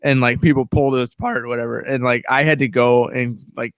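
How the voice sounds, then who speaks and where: A man with a mid-pitched voice talks bluntly on a podcast, rambling through stories with lots of swearing and filler words. His delivery is loose and unpolished. The recording is dry and close. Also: fairly even intonation, fast talker, smooth, no echo. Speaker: podcast co-host. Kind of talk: casual storytelling chat.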